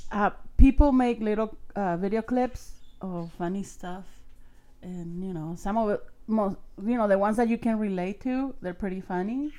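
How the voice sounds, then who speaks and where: A woman chatting casually as co-host, relaxed and mixing in some Spanish, a little away from the microphone. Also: mid-range voice, moderate pace. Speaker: co-host, host's wife. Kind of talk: casual chat. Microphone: off mic.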